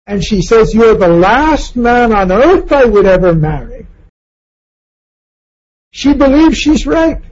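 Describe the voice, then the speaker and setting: A man's voice: high-pitched, darkish tone, husky, lo-fi sound. A man giving a reflective lecture on a novel, asking questions and acting out quoted lines in passing.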